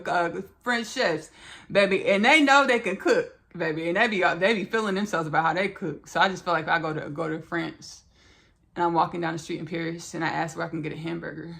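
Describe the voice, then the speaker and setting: A woman's voice: fairly low pitch, gravelly, fairly bright tone. A woman hosting a spiritual podcast monologue who repeats her phrases and talks straight to her listeners as "y'all" and "baby.". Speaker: podcast host.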